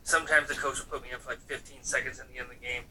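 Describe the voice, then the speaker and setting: A man telling funny stories in casual chat, animated and jumping into high voices when he quotes people. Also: very fast, distant mic, rough recording. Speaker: podcast co-host.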